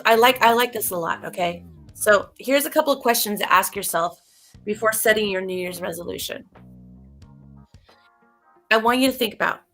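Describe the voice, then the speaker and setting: A woman hosts a casual livestream, addressing her viewers directly in an emphatic, slightly preachy way. Her voice is a little high and a bit bright.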